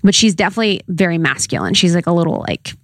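A young adult woman as a podcast guest, telling a story in an animated, chatty way full of fillers. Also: lowish voice, fast talker, no room sound, clean studio sound. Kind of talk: casual storytelling chat.

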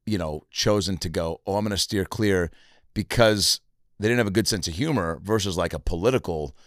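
A man's voice: low-pitched, brisk, no echo, clean studio sound. A man hosting a casual comedy podcast, telling stories with lots of fillers like "like" and "you know". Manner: filler-heavy, animated storytelling.

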